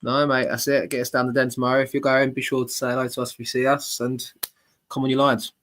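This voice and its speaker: A man's voice: medium pitch, flat delivery, quick pace, a bit bright. A man co-hosting a casual live podcast, with blunt, laid-back banter. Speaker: podcast co-host.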